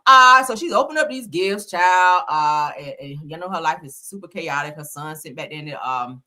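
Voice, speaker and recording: A woman's voice: low-pitched, animated. A woman hosting a casual gossip commentary show, sassy and laughing, reading people down with slang. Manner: loud, sassy, laughing, drawn-out mock singing. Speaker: commentary channel host.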